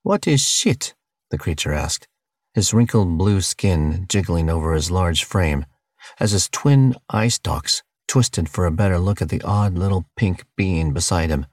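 A man reading a novel aloud as audiobook narrator, in steady, scripted storytelling delivery. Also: low voice, measured pace, dry recording, studio quality.

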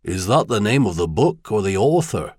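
A man voicing a small, shrewd, wry prince in an audiobook, with a measured, dry delivery. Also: lowish voice, very animated, a little mellow, husky, dry recording. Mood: puzzled.

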